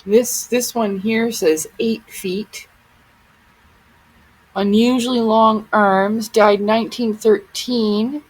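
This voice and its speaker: A woman's voice: fairly high pitch, fairly even intonation, slow, breathy edge, rough recording. A woman vlogger giving casual commentary on photos, often exclaiming in amazement.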